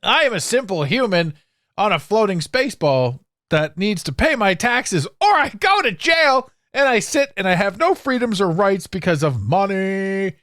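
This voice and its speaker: A man hosting a podcast monologue, ranting sarcastically with animated swings and frequent profanity. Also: high-pitched, measured pace, no echo, studio quality. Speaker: podcast host.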